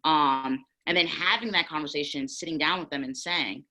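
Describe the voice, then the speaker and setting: A young woman on a panel discussion, candidly telling stories with lively acted-out quotes. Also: low voice, moderate pace, low-quality recording.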